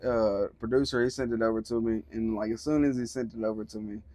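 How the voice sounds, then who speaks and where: A young man with a Southern accent, talking in a relaxed, drawling way as a musician guest in an interview. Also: on the low side, fast talker, dry recording. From Tennessee. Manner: laid-back, drawling, swears casually. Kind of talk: casual interview chat.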